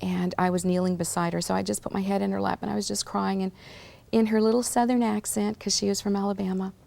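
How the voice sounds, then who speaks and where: A woman in her sixties gives personal testimony as an interview guest. Her voice sits at a middle pitch with a gravelly edge. She speaks earnestly and sinks into a breathy near-whisper when a word carries weight. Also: flat delivery, a little mellow. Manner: earnest, slows down and drops to a breathy near-whisper on emotional words.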